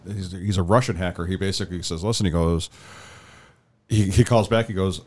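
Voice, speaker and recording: A man's voice: deep voice, fairly even intonation, a little fast. A man co-hosting a podcast, telling a story in casual chat and acting out the quotes. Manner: rambling storyteller, acts out quotes. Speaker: podcast co-host.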